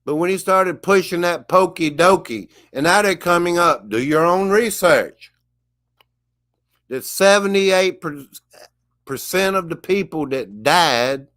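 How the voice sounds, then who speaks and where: A man's voice: high voice, lively intonation, slow pace, fairly bright tone. A man giving a casual monologue rant to the camera, emphatic and repetitive, with a preachy tone. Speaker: vlogger.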